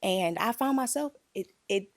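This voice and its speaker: A woman's voice: medium pitch, lively intonation, moderate pace, no echo. A woman telling a painful personal story in a candid group conversation, emotional and holding back tears.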